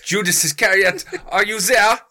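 A man voicing a stern male priest who loudly commands demons. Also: sits high, steady tone, normal speed. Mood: commanding. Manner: loud commanding.

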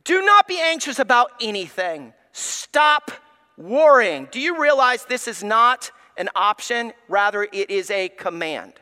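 A male pastor preaching in a church with an unusually high, bright voice. He is emphatic and speaks straight to the congregation, and his voice trails off into a long reverb in the sanctuary. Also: big pitch swings, unhurried. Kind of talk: sermon.

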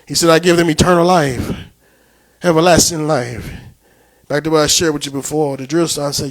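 A middle-aged man with a New York accent preaching a sermon in church, building from musing talk to shouted refrains, with many "uh" fillers. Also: on the high side, flat delivery, a little fast, rough recording. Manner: preaching with rising, shouted passages and repeated refrains; frequent "uh" fillers and restarts. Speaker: pastor.

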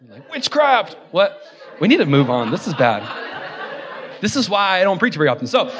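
A man with a high voice preaches a sermon in a church. He jokes at his own expense and laughs often, then builds to loud, fervent declarations. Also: huge pitch swings, normal speed, background noise. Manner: self-deprecating, joking, laughing often. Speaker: guest preacher.

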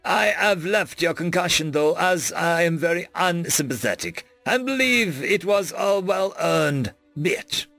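A man's voice: a little high, lively intonation, measured pace, vocal fry, hardly any pauses, bright, forceful tone, no room sound, soft background music, voice pushed up, full character voice. A man voicing a grumpy male wizard reading his own note aloud, dry and sardonic.

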